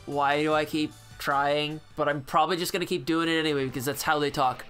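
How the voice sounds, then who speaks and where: A man's voice: on the high side, little pitch movement, fairly quick, few pauses, a bit bright, faint music behind. A man giving casual, sarcastic gameplay commentary, swearing freely. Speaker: gameplay channel host.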